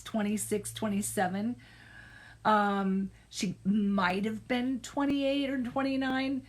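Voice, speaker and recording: Woman, middle-aged, therapist, casual live-stream chat, slow pace, self-correcting, emphatic. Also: mid-range voice. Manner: unhurried, personal, with restarts and self-corrections.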